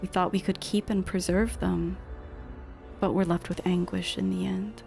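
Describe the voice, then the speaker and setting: A woman voicing a solemn, shadowy male spirit in whispered role-play, breathy and gravelly. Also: fairly low pitch, little pitch movement, moderate pace, darkish tone, soft background music.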